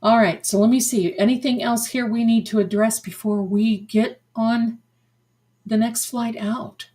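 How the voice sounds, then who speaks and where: A woman's voice: a little high, steady tone, unhurried, warm tone. An older woman hosting a psychic livestream in casual, effusive chat, full of endearments like "my darling.". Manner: chatty and effusive, showering viewers with endearments. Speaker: psychic medium and livestream host.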